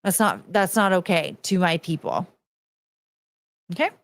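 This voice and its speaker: A woman's voice: fairly low pitch, measured pace, no echo, clean studio sound. A young woman hosting a casual commentary stream, rambling and swearing, slipping into mocking voices when she quotes people. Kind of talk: casual rambling livestream chat.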